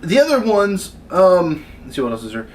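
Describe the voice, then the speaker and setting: A man's voice: high-pitched, wildly swooping pitch, moderate pace, slight background noise. A man in his thirties ranting on camera about his retail job, exasperated and sarcastic. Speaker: retail worker venting on camera. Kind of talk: comedic rant vlog.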